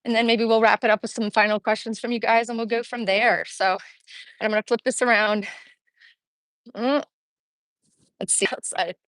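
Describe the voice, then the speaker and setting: Breathless mid-age woman walking and streaming off her phone, highish voice, chatty and upbeat, close dry sound. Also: fairly even intonation, normal speed, pauses often, a bit bright, no echo, poor audio. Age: middle-aged. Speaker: vlogger streaming live. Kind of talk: casual walking livestream chat. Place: outdoors on a town street. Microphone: phone held while walking.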